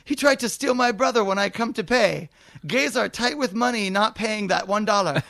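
A shrill, penny-pinching mother complains in short, choppy bursts, as a man puts her on. The voice sits well above his usual pitch and comes out loud. It is recorded dry and close. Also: normal speed, creaky, no echo, full character voice. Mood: indignant. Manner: shrill, clipped, broken phrasing. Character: stingy, loud, indignant mother haggling on the phone.

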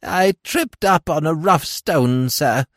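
A man's voice: on the high side, animated, slow, a bit bright, dry recording, clean studio sound, voice pushed up. A man voicing a scheming old woman beggar who pleads in a whining, sing-song voice, in a storybook reading.

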